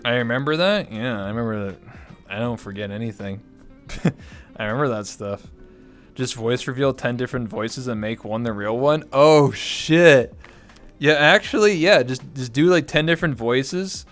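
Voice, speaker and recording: A man's voice: mid-range voice, normal speed, a bit bright, faint music behind. Rambling, jokey male streamer. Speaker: livestream host. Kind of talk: casual chat.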